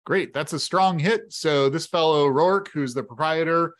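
A man's voice: a little high, measured pace, a bit bright. A man narrating a solo tabletop game in a casual, conversational way. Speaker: game master playing solo.

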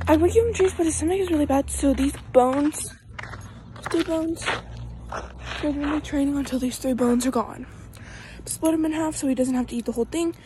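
Woman, young adult, high-pitched, casual and commanding, park, handheld phone, noisy background. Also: warm tone. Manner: bossy, commanding toward her dog, swears casually. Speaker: vlogger training her dog. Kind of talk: casual vlog talk. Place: outdoors at a park. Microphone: phone held in hand. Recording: noisy outdoor phone recording.

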